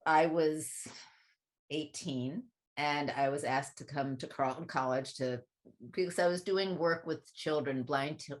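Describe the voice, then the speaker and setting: A woman with a notably low speaking voice talks through a personal memory in easy conversation. She is reflective and thoughtful, then turns lively whenever she quotes someone else. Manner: reflective, animated when quoting others. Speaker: guest speaker on spiritual teaching. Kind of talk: conversational storytelling.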